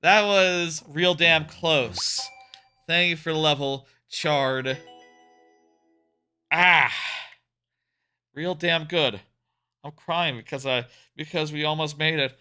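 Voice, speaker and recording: A man's voice: on the high side, unhurried, pushed and bright, clean tone. A man streaming a platform game, chatting casually and candidly, swearing often and thinking aloud as he plays. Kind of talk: casual live-stream commentary while playing. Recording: music playing behind.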